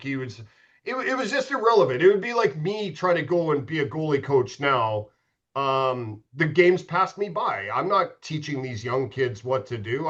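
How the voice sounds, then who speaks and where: A middle-aged man who used to play hockey goalie is a podcast guest, swapping casual stories full of profanity and laughter and often restarting his sentences. His voice sits at a medium pitch with a fairly bright tone, and the recording is lo-fi.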